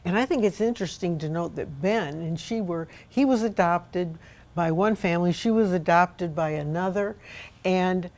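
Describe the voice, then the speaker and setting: A woman's voice: lowish voice, normal speed, darkish tone. A middle-aged woman hosting a casual book discussion, chatty and asking her guest questions. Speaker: host.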